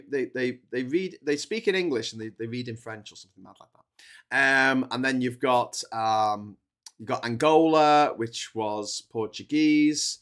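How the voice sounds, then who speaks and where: A man hosting a livestream, talking casually through history with lots of fillers and restarts, and reeling off a list of countries. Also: mid-range voice. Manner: lively country-by-country list with a rising voice. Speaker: livestream host.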